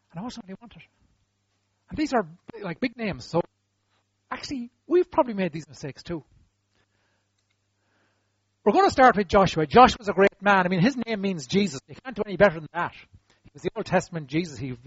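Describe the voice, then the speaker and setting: A man's voice: high-pitched, husky, dry recording. A man preaching a conversational, humorous sermon, with a dull lo-fi sound. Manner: conversational, humorous, acts out quotes.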